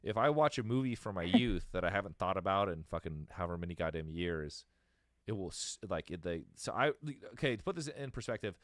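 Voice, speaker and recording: A man's voice: deep voice, animated, dry recording, clean studio sound. A man in his thirties in casual chat as a podcast host, rambling, swearing and laughing easily. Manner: rambling, profane, quick to laugh.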